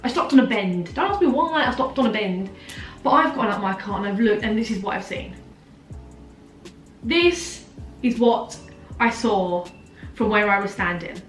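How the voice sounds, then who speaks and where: A woman's voice: mid-range voice, expressive, moderate pace, pauses often. A young woman tells a story as a vlogger, dramatic and full of "like" fillers. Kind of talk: storytime chat. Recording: echoey room, mic at a distance, faint music.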